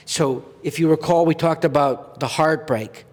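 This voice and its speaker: A man's voice: fairly high pitch, moderate pace. A man from Canada, a former goaltender, telling his story earnestly and with feeling. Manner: earnest, heartfelt, reads a list of names aloud. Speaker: podcast guest, former goaltender. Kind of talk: emotional storytelling. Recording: long hall reverb.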